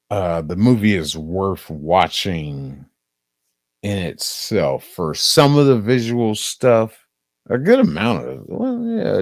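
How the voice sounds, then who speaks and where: Deep, gravelly man rambling on stream. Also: darkish tone, no echo. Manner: rambling and profane, heavy on "um" and "uh". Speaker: live streamer. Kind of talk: casual stream chat, movie review.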